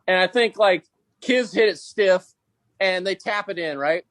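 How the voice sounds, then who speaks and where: Dude-heavy golf pro telling a story, pretty high voice, dead dry mic. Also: male voice, unhurried, a bit bright, no echo. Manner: laid-back, peppers talk with "dude" and "bro". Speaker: podcast guest, pro golfer. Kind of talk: casual storytelling.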